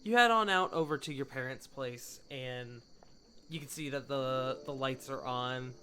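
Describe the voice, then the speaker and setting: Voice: mid-range voice, a little slow, pushed and bright, clean tone. A game master narrating a tabletop game in a casual, rambling way. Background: background music.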